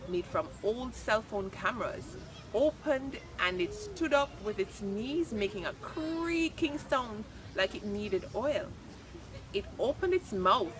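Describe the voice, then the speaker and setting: Woman reading a children's story. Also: medium pitch. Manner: expressive, lifts voice for quoted lines. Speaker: storybook reader. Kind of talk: read-aloud children's story narration.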